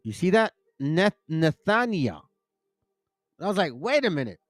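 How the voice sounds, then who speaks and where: A man's voice: high voice, very animated, a little fast, dry recording, studio quality. A man hosting a casual bible teaching talk, reading verses aloud, rambling and stumbling over names as he corrects himself. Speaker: bible teaching channel host.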